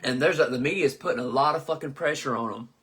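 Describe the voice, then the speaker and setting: A man's voice: medium pitch, quick pace, a bit bright, slightly rough. A man in his twenties hosting a live comedy chat, reading viewer comments and joking loosely with lots of swearing. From southern United States. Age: 20s. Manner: loose, profane, joking, stumbles over names. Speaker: host.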